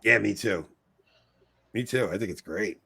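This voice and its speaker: A man's voice: fairly low pitch, a little slow, vocal fry, bright, forceful tone, slightly rough. A man from Long Island with a New York accent, hosting a casual podcast chat, laughing often and restarting his sentences. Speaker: podcast host.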